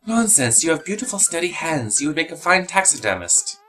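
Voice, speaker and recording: A man voicing a formal, old-fashioned gothic gentleman who speaks in elaborate, polite phrases. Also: fairly high pitch, very animated, brisk, exaggerated voice. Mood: courtly.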